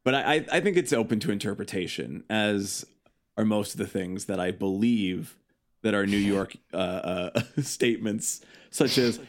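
A young man from the Chicago suburbs, guesting on a podcast as a band member, speaks in a lowish voice at a moderate pace. He chats casually and rambles, leans heavily on "like," and acts out quotes in different voices.

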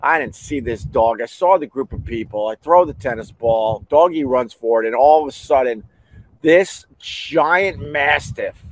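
Animated man telling a heated story. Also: medium pitch, a little slow, low-quality recording. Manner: animated, heated retelling with loud outbursts. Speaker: podcast host. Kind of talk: casual storytelling.

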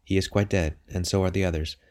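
A man voicing a young gentlewoman who speaks quietly, halting and restrained, in an audiobook reading. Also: low-pitched, fairly even intonation, close to an everyday voice. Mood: hushed. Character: young gentlewoman, shaken but composed.

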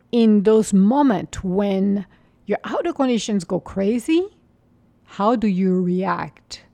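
A mindfulness speaker, a woman, offers a calm, reflective spiritual monologue at an unhurried pace, at times slipping into a soft whisper and laughing lightly as she tells stories. Her mid-range voice is gravelly, with no echo.

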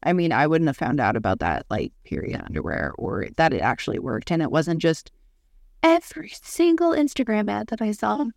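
Lively, expressive woman chatting. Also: low-pitched, brisk, creaky, no echo, clean studio sound. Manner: animated storytelling with acted-out quotes. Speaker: podcast co-host. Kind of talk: casual chat.

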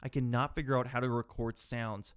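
A man's voice: medium pitch, flat delivery, brisk, smooth. A man of thirty hosting his own solo podcast, rambling and self-mocking, growing exasperated as he talks. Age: 30s. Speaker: podcast host. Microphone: podcast microphone.

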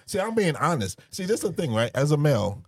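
Defensive husband, dry close voice. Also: male voice, fairly high pitch, sing-song, fast talker, no room sound. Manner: defensive, laughs a lot. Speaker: podcast co-host, husband. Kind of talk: casual couple argument.

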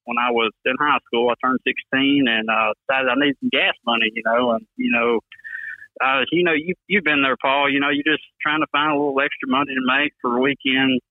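Over a tinny, dry phone line with no echo, a twenty-something guest with a heavy Alabama accent chats in a casual interview. His mid-range voice stays fairly even and moves fairly quickly, relaxed and drawling, frequently tossing in "man" and "you know."

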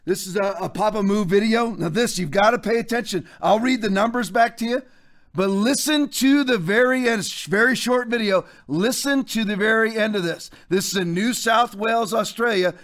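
A man with a notably high voice hosts a podcast with heated commentary. He rants in a fired-up, preacher-like style, pressing his points hard. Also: normal speed, a bit bright. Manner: fired-up, ranting, preacher-like delivery. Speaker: podcast host and pastor.

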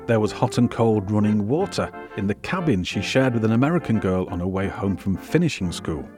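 A man hosting a history podcast, telling the story in measured, wry scripted narration. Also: on the low side, lively intonation, over music. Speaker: podcast host.

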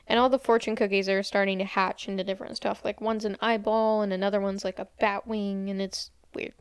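A young woman talks briskly, her medium-pitched voice clean and showing little pitch movement. Co-hosting a podcast, she casually retells a movie scene by scene, quoting characters and using "like" frequently, in a dry, clean studio recording.

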